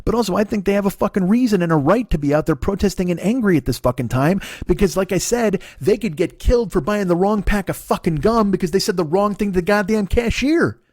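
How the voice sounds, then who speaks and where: A man in his forties ranting in a profane podcast monologue, agitated, sometimes dropping to a mutter and then rising to a shout. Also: high-pitched, lively intonation, quick pace, few pauses, no echo, studio quality. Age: 40s. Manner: agitated, swearing, swings between muttering and shouting. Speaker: podcast host.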